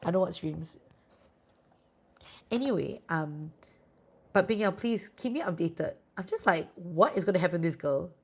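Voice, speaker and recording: Singaporean woman, tarot-reading streamer; chatty and reassuring, gravelly edge. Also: lowish voice, animated, moderate pace, long pauses. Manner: chatty, reassuring, sprinkles "lah". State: sleepy, yawning. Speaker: tarot reader and live streamer. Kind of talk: casual live-stream chat with viewers.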